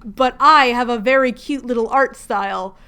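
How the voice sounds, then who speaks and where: A woman hosting a relaxed craft livestream, chatting and rambling while she works and laughing at herself. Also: fairly high pitch, normal speed, clean tone. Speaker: craft channel host.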